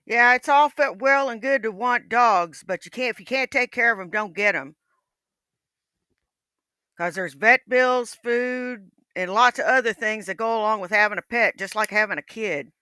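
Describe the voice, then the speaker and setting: A woman's voice: on the high side, normal speed, bright, forceful tone, clean tone, no room sound. Brief: woman streamer, dry close sound, folksy and profane chatter. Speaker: livestream host. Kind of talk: casual livestream chat.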